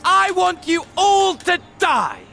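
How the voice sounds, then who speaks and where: An actor playing a raving nihilistic male villain who wishes death on everyone, with unhinged, gravelly shouting. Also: very high-pitched, huge pitch swings, takes it slowly, full character voice.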